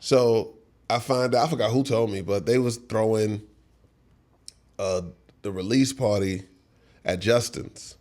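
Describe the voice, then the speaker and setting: A man's voice: on the low side, unhurried, long pauses. A middle-aged man, a songwriter guest in a casual interview, telling a story with lots of laughs and acted-out quotes. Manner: animated storyteller who acts out quotes, laughs often.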